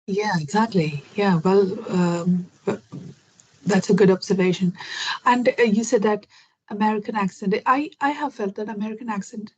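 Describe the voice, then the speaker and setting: A woman's voice: medium pitch, normal speed, breathy edge. A woman hosts English speaking practice over a video call, asking one curious question after another. She restarts often and talks in a chatty way. The call sound is slightly dull. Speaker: English conversation host.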